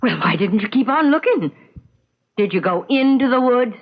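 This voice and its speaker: An actress playing a fretful older rural wife who scolds in folksy country speech in a radio drama. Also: female voice, a little high, animated, moderate pace. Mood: scolding. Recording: dull lo-fi radio recording with faint music.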